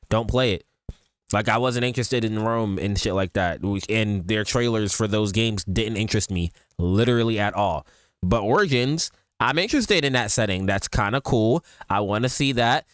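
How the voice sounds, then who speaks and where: A man chatting casually as he reacts to a game trailer, loose and slangy, with sudden excited outbursts. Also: fairly low pitch, normal speed, clean tone, no room sound, clean studio sound. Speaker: reaction streamer.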